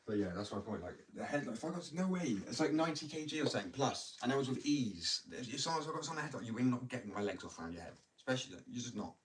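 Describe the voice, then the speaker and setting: A man's voice: medium pitch, lively intonation, fast talker, few pauses. A young man rambling heatedly in a casual monologue, with lots of restarts and swearing. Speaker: skater vlogger. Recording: distant mic with faint background noise.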